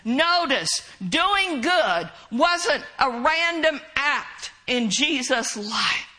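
Woman preacher, high and bright, unhurried and emphatic. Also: animated, rough recording. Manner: emphatic, drawn-out preaching cadence. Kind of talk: sermon.

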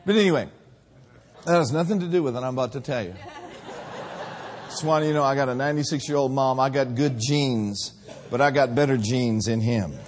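A man preaching a sermon, telling stories and then building to shouted calls to the congregation. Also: medium pitch, brisk, long pauses, a little hiss or hum. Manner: storytelling, rising to shouted exhortation.

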